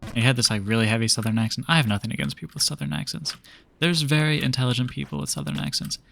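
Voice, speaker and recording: A man's voice: medium pitch, steady tone, very fast, vocal fry, fairly bright tone. A young man streaming a game, telling a long story in a rambling, exasperated way full of fillers. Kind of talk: casual storytelling while gaming.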